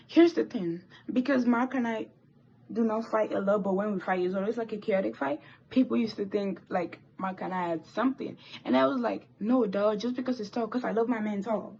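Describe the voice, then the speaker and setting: A teenage girl telling a rambling, animated story while doing her makeup, with swearing and asides. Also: a little high, normal speed, creaky, lo-fi sound, slight background noise. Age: teens. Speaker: vlogger. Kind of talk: chatty get-ready-with-me story time.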